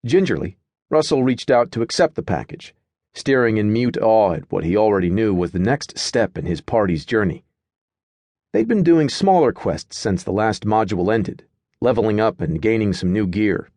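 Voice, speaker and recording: Low-voiced male audiobook narrator. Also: lively intonation, moderate pace, a little mellow, no room sound, studio quality. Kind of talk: scripted narration.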